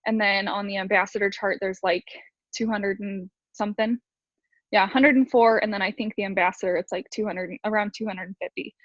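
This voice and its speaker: A woman team leader talking fast and rambling with lots of fillers, sharing sales tips on a video call. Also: medium pitch, steady tone, dry recording. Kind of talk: casual video call talk. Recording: dull video call audio.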